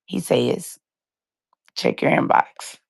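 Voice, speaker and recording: A woman's voice: slow, dry recording. A woman around forty, hosting a live stream, telling a painful personal story in a candid, casual way and speaking straight to her listeners. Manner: casual, emotional, speaks straight to listeners with "y'all" and "you guys".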